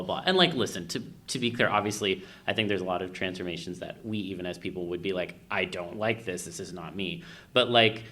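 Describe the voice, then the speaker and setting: Bright-voiced man ranting on a podcast. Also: lowish voice. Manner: emphatic, swears and jokes. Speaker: podcast co-host. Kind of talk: casual chat.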